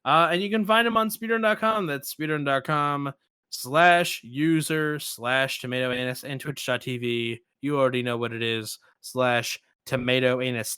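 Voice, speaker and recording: A man hosting a casual podcast, with a bright, forward tone. He retells jokes with animated energy, acting out the lines. The sound is close and dry, with no room around it. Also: fairly high pitch, clean tone, no echo. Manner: animated storyteller, acts out quotes. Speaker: podcast host.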